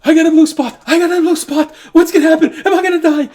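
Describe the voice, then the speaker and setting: A man's voice: extremely high pitch, steady tone, fast, darkish tone, voice pushed up. A man voicing a panicking male gnome who screams in terror. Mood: panicked.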